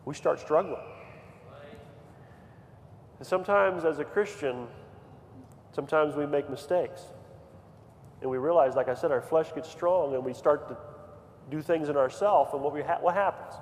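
A man preaching a sermon in a church, moving from quiet storytelling to fervent, near-shouted appeals. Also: a little high, moderate pace, long pauses, a little hiss or hum. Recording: long hall reverb, faint ambience.

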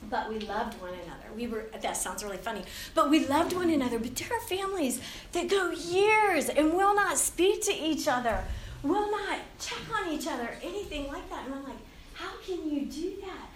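A woman in her fifties giving a casual Christian talk to young people, chatty and animated, often laughing and acting out the voices in her head. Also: high voice, normal speed, slight background noise. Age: 50s. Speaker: youth speaker. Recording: roomy, distant hall mic with faint ambience.

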